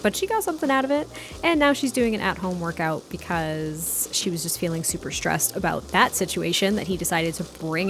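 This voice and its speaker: A woman hosting a gameplay video, chatting casually and giggling as she narrates what her characters are thinking. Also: on the low side. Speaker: let's play host.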